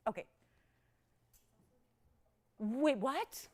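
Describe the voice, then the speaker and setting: A woman hosting a live TV jewelry shopping show, chatty and animated, laughing often and counting prices down. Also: sits high, very slow. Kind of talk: live TV sales pitch. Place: TV shopping studio.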